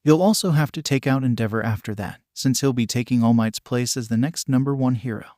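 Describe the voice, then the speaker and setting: A man voicing a calm, scheming teenage boy who quietly lectures in a story reading. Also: medium pitch, brisk, dry recording, studio quality, natural voice.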